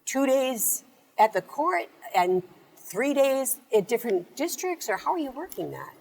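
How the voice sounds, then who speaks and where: A woman hosting a community TV interview, chatty and affirming, with quick follow-up questions. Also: high-pitched, very animated, vocal fry, darkish tone, poor audio. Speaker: talk show host. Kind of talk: friendly TV interview. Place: community TV studio.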